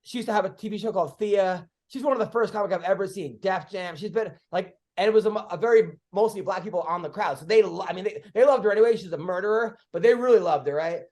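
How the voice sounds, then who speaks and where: Man, high voice, podcast host, casual storytelling, animated, swears. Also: quick pace, few pauses. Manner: animated storyteller, swears freely, acts out quotes.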